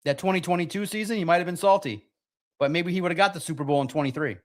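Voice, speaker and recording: A man hosting a live-stream sports talk show, reading chat and talking in an animated, sarcastic, rambling way. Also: high-pitched, fast talker.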